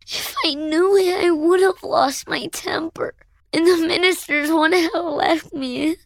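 A woman's voice: extremely high pitch, fairly even intonation, measured pace, no room sound. A woman voicing Prince Gâté, a whiny boy prince. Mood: fretful. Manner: whiny, sulky. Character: bad-tempered young male prince, whiny.

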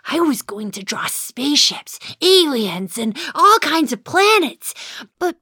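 A sulky little boy mouse tells his storybook tale in a high, bright, sing-song voice. He speaks slowly and clearly, close and dry, grumbling and sighing between giddy bursts. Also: sing-song, no echo, full character voice. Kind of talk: first-person storybook narration.

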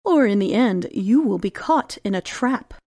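A greedy, scheming storybook cat talks in a lowered, cool and smooth voice, as a woman narrator puts her on. The recording is dry and close. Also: expressive, moderate pace, darkish tone, no room sound. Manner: low, cool and smooth-talking.

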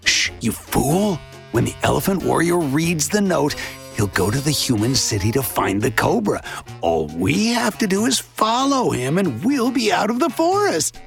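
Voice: mid-range voice, sing-song, moderate pace, vocal fry, faint music behind. A voice actor playing a blustering, sly chubby male schemer in a children's audio story, bossy and self-satisfied. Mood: scheming.

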